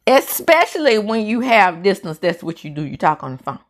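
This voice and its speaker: Her medium-pitched voice has a sing-song lilt and runs a little fast. She is the middle-aged host of a celebrity gossip show, giving casual commentary that is sassy, emphatic, and packed with slang asides.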